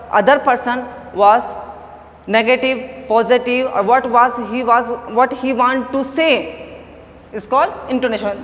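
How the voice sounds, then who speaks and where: A woman giving an online phonetics lecture, slow and repetitive, stressing key words. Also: a little high. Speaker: teacher. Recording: long echo, faint background noise.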